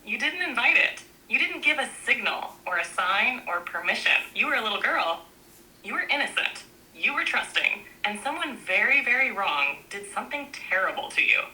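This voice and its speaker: Very bright, soothing woman narrator. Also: a little high, big pitch swings, rough recording. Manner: soft, reassuring, slow affirmations in short repeated phrases. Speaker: narrator reading a book aloud. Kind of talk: gentle scripted narration.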